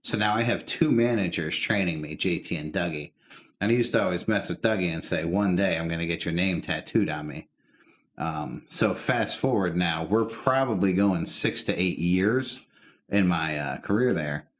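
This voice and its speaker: A man's voice: deep voice, moderate pace. A man co-hosting a podcast, telling rambling, profane stories in casual chat. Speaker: podcast co-host.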